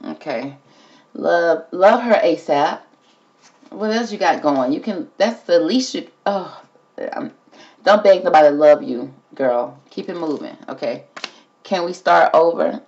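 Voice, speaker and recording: A woman's voice: lowish voice, animated, measured pace, a little mellow, dull audio. A woman hosting a casual tarot reading, talking to the cards and calling everyone "girl". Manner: chatty, talks to the cards and calls everyone girl. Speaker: tarot reader host.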